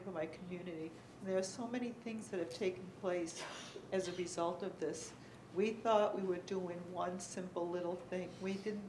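A middle-aged woman speaks earnestly on a conference panel, pausing often and filling gaps with soft ums. Her voice sits at an ordinary middle pitch. It carries through a roomy, echoing hall over a faint background noise. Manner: earnest, halting, with many pauses and fillers. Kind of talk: personal testimony at a panel. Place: conference room.

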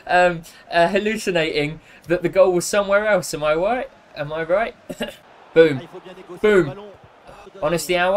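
A young man with a slightly high voice talks through a football game as he plays it. He is excitable and jokey, cheering his players one moment and scolding them the next. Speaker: gaming YouTuber. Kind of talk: live gameplay commentary.

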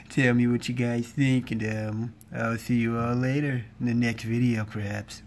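A man's voice: mid-range voice, little pitch movement, takes it slowly, slight background noise. Laid-back man in a casual vlog. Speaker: impressions vlogger.

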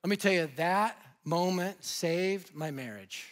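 High-voiced, animated preacher man. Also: measured pace. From Denver, USA. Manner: animated, humorous storytelling with sudden swings between loud and soft. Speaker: guest preacher and evangelist. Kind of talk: sermon with storytelling.

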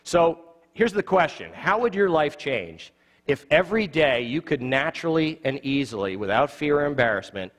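A man in his forties teaching an evangelism class in a church, a quick, jokey storyteller who acts out the dialogue in his stories. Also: fairly high pitch, very animated. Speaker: lay evangelism trainer. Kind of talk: live teaching talk with humorous stories. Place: church sanctuary. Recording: long church reverb.

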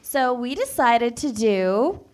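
A woman's voice: a little high, sing-song, takes it slowly, heavy background noise. A woman co-hosting a live podcast show, upbeat and leading the segments. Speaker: podcast co-host.

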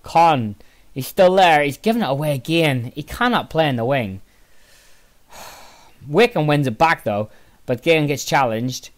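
A man's voice: measured pace, long pauses. Tired man commentating his own game. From Northern Ireland. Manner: excitable outbursts between low muttering. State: tired, yawning. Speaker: gaming channel host.

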